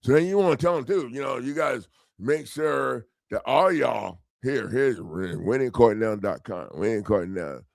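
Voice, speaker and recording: Middle-aged male coach, gravelly and animated, casual storyteller who acts out quotes. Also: medium pitch, measured pace, hardly any pauses, no room sound. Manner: animated, profane, laughing, acts out quoted voices. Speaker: legal self-help coach.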